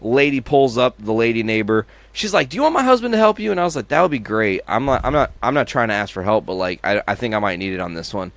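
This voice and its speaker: Animated, foul-mouthed male podcast co-host. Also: fairly low pitch, quick pace, few pauses, no echo. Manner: animated storyteller, swears freely, mimics sounds. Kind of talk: casual chat.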